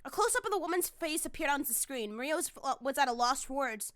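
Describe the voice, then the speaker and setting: Emotional high-voiced woman streamer. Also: lively intonation, quick pace, fairly bright tone. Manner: emotional, exclamatory. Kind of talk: let's play reading and reacting.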